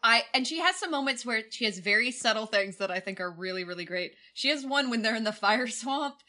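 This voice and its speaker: A woman chatting about films on a podcast, animated and opinionated, laughing as she goes. Her voice is a little high for a woman and very bright, with a sharp, forward ring. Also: a little fast. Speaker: podcast co-host. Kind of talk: casual movie discussion.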